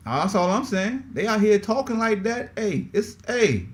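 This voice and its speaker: A man hosting a sports podcast in casual talk, exasperated and animated, firing off repeated rhetorical questions. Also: high-pitched, unhurried, few pauses. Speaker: podcast host.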